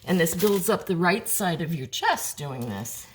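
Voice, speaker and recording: A woman's voice: on the low side, big pitch swings, measured pace, slight background noise. An older woman giving a chatty, encouraging cooking demonstration at home, talking to viewers and her dog. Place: home kitchen. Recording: echoey kitchen, mic far off, clattering pots. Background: dishes and pans clattering.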